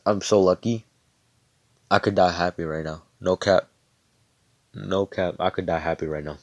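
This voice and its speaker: A man voicing an excitable young male exam registrar who talks in awed slang. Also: deep voice, normal speed, no room sound.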